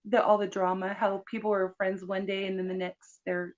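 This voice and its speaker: A woman's voice: mid-range voice, little pitch movement, normal speed, muffled recording. Chatty, laughing woman co-host. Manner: chatty, laughing, reads viewer comments aloud. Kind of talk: casual livestream chat.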